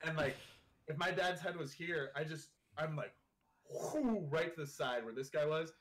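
A young man telling a story in casual chat, animated and full of swearing and filler words. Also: on the high side, moderate pace, a little hiss or hum. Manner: animated storyteller, swears a lot, leans on 'like'. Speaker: guest.

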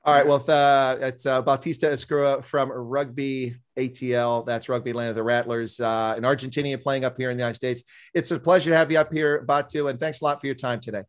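A man's voice: mid-range voice, steady tone, brisk, hardly any pauses. A man hosting a rugby interview show, asking questions in a chatty, friendly way. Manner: friendly, chatty, with frequent "uh" fillers. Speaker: podcast host, interviewer. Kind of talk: casual interview.

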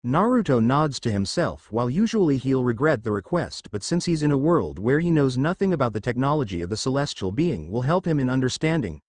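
Man narrating, lively pitch. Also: brisk, hardly any pauses. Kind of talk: scripted fan-fiction narration.

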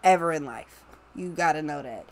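A young woman giving a casual tarot reading, talking slowly and bluntly with lots of swearing and restarts. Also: sits low, animated, darkish tone. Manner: blunt, profane, slow and drawling with many restarts. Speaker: tarot reader.

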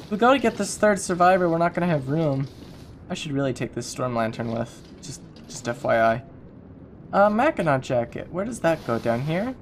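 A man's voice: fairly high pitch, expressive, normal speed, slight background noise. A man giving casual, jokey let's-play commentary, talking to himself while he plays. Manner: chatty, jokey, talks to himself while playing. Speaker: gaming YouTuber.

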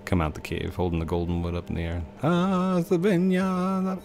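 A man's voice: low voice, completely flat delivery, very fast, gravelly, over music. A man in his thirties giving casual, rambling commentary as he plays a video game, chatting to the objects on screen. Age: 30s. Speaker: let's play host.

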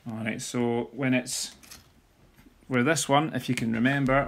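A man's voice: medium pitch, fairly even intonation, a little slow. A man, teaching drumming theory in a screen-recorded walkthrough and talking as he writes. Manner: talks while writing, sings drum rudiments softly.

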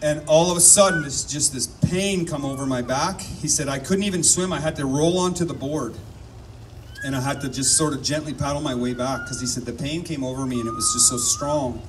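A man's voice: on the high side, huge pitch swings, a little fast. A man preaching outdoors in a park, fervent and telling stories, often repeating words as he builds up. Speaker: street preacher. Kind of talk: outdoor sermon with storytelling. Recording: distant mic outdoors, faint noise.

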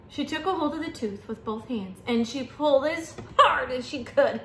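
A woman, a preschool teacher, reading a picture book aloud to children with animated, exaggerated storytelling. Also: sits high, normal speed. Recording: echoey room with faint hiss.

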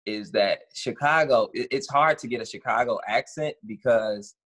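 A man's voice: medium pitch, moderate pace, fairly bright tone, husky. A man from Gary, Indiana, co-hosting a podcast, talking casually in an easygoing, rambling way. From Gary, Indiana, USA. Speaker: podcast co-host. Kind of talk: casual chat.

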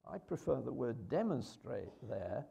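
A man's voice: medium pitch, sing-song, a little slow, vocal fry, warm tone, slightly rough. A man preaching a sermon in a conversational way, with rhetorical questions and hesitations.

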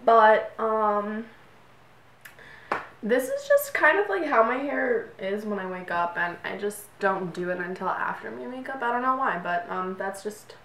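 A woman's voice: medium pitch, lively intonation, measured pace, a bit bright. A young woman vlogger chatting casually through her makeup routine, rambling with many fillers, recorded on a camera mic from a distance. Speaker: beauty vlogger. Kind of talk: get-ready-with-me makeup chat. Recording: roomy echo, distant mic, faint noise.

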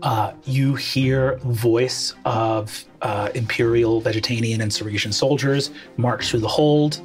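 A man's voice: medium pitch, fairly even intonation, measured pace, soft background music. A man narrating as game master, loose and casual with frequent fillers. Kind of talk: improvised tabletop game narration.

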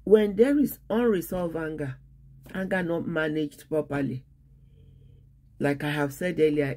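A woman pastor giving an earnest sermon on marriage, speaking in short, measured phrases and repeating key words for emphasis. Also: low voice, a little mellow. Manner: earnest, repetitive preaching cadence with measured pauses.

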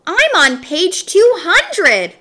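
A woman's voice: a little high, very animated, measured pace, a bit bright, exaggerated voice. A woman reading a storybook aloud, voicing a pushy girl who keeps bothering a classmate with taunting questions. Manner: taunting, demanding.

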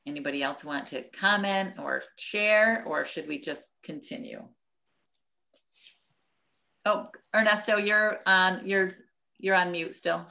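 A woman's voice: fairly low pitch, slow, vocal fry, pushed and bright. A middle-aged woman leading a study group over a video call, sharing a personal story in an earnest, reflective way with frequent restarts.

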